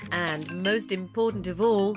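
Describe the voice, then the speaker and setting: A woman voicing a gentle cartoon mummy pig. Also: medium pitch, a little slow, over music, natural voice. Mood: motherly. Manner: gentle, motherly and patient. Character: warm, sensible mother pig. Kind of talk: children's cartoon voice acting.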